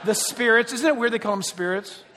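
A man preaching a sermon as pastor, animated and joking, acting out the voices of other people. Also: very high voice, a little fast, long reverb tail, a little hiss or hum.

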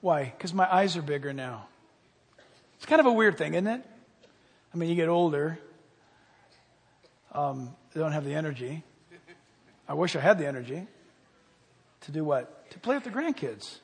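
An older man preaching a sermon with fervor, rising loud on key points and dropping quiet. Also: fairly high pitch, lively intonation, normal speed, pauses often, slightly rough. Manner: fervent, swells loud on key points then drops quiet. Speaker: pastor. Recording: long hall reverb.

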